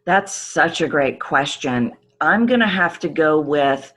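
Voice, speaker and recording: A woman vocal coach speaking as a podcast guest, animated, sometimes shifting her voice to demonstrate. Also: deep voice, slow. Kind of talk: podcast interview.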